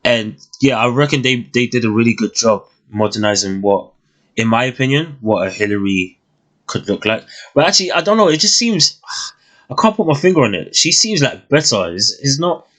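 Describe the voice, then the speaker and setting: A young man giving a casual, thoughtful review of a TV series, often pausing and restarting his sentences. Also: mid-range voice, animated, fairly bright tone. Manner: thoughtful, hesitant, many restarts and fillers.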